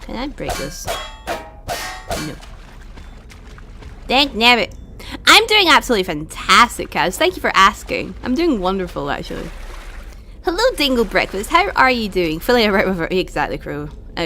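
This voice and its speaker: A young woman streaming a video game talks to chat casually, cursing and venting her frustration in bursts. Her mid-range voice is bright and forceful, with big pitch swings at a moderate pace, and slight background noise.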